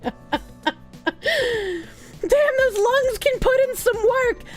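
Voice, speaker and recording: A woman's voice: very high voice, extremely slow, faint music behind. A woman streamer chatting casually and reading viewer comments, rambling and joking, often laughing and swearing.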